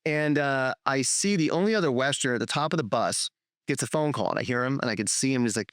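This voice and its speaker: A man's voice: mid-range voice, fast, clear, resonant tone, dry recording, studio quality. Profane, rambling man telling stories. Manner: rambling, profane, animated storyteller with restarts. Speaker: podcast host, filmmaker. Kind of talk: casual storytelling chat.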